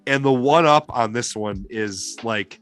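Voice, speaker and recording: A man's voice: medium pitch, measured pace, fairly bright tone, soft background music. A man in a casual podcast chat about films, rambling with frequent restarts and "um"s. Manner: rambling, many restarts and fillers. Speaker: podcast co-host. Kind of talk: casual film discussion.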